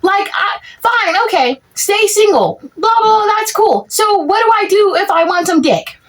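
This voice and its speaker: Very high-voiced young woman ranting. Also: expressive, moderate pace. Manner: rambling, exasperated venting with filler "like". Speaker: content creator. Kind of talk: comedic POV rant monologue.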